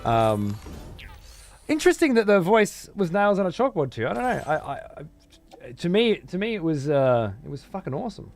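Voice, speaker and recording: A man's voice: sits high, big pitch swings, moderate pace. A man streaming a game, chatting casually and rambling through strong, profane opinions. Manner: opinionated, rambling, swears a lot. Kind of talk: casual gaming stream chat.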